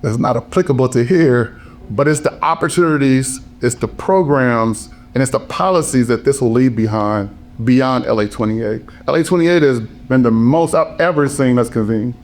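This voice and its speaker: Male panel speaker, hoarse from a lost voice, emphatic and driven, mid-range pitch. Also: normal speed, a little mellow, a little hiss or hum. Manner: passionate, emphatic, repetitive phrasing. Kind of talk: panel talk.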